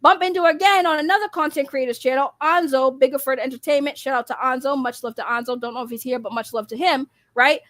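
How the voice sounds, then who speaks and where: A woman's voice: high voice, fast talker, hardly any pauses, a bit bright, dry recording. A woman streamer calling out her critics in a blunt, profane, mocking rant, laughing between jabs. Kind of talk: casual rant.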